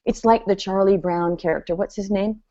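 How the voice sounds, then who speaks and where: A chatty woman coach talks in a lively, playful way and laughs often. Her voice sits at a mid pitch. The audio is slightly dull and lo-fi. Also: moderate pace, slight background noise. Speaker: business coach. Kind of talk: live online coaching seminar.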